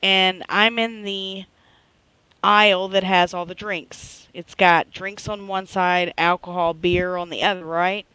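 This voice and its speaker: A middle-aged woman chats through a story on her live stream, checking in with viewers as she goes. Her voice is smooth and clear, recorded close and dry. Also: lowish voice, a little slow, dry recording, poor audio. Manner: chatty, animated retelling with frequent "right?". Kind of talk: casual storytelling chat.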